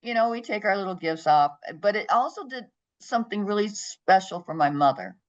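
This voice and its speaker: A woman's voice: medium pitch, animated, fairly quick. A middle-aged woman, a podcast guest, telling a story in an interview and acting out the voices of the people in it. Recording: dull lo-fi sound.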